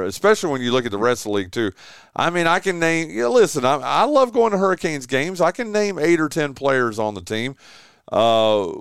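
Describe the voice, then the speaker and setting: An animated male radio host who banters about hockey with a lot of fillers and restarts. His pitch moves widely, the tone is smooth and resonant, and the sound is dry and close. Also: dry recording. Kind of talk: casual sports radio chat. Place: home man cave studio.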